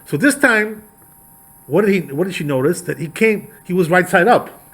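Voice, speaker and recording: A male rabbi teaches a class by retelling a story. He talks in a loose, chatty way and often turns to his listeners with quick asides. His voice sits a bit high for a man. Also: breathy edge, poor audio. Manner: conversational, repetitive asides, animated retelling.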